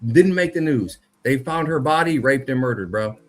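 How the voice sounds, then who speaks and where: A man's voice: medium pitch, animated, moderate pace. A man telling a spooky story in a loose, profane, slang-heavy casual chat, talking directly to his co-host. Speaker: podcast co-host.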